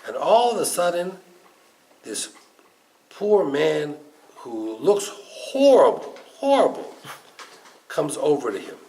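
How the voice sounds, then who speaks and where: Man, rabbi telling a story, lively and expressive, slightly raised pitch, faint hiss behind. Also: takes it slowly, pauses often, low-quality recording. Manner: animated, laughing storyteller. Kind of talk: storytelling sermon.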